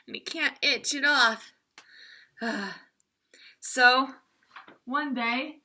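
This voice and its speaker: Children's librarian, woman, slow and playful storyteller with a bright, higher voice and sound effects. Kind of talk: children's story time reading.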